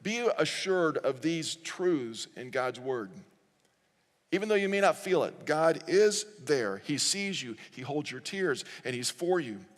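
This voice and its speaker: A man's voice: fairly high pitch, very animated, a little slow. Earnest man preaching in a reverberant hall. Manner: earnest preaching, reading scripture aloud with the congregation. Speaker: pastor. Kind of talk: sermon. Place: large church sanctuary.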